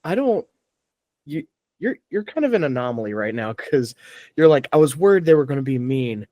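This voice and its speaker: A man hosting a casual interview, asking quick, teasing questions. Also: mid-range voice, big pitch swings, no echo, highs cut off. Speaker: podcast interviewer.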